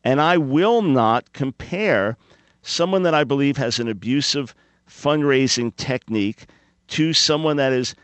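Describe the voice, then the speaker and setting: A man who is a guest on a radio show, earnest, measured and insistent. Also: mid-range voice, expressive, smooth, no room sound.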